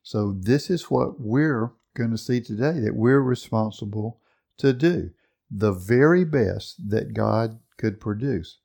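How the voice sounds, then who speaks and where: A male preacher delivers a sermon at a slow, deliberate pace. His voice carries a gravelly edge as he leans on key words and lets pauses hang between phrases. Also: lowish voice, animated, darkish tone.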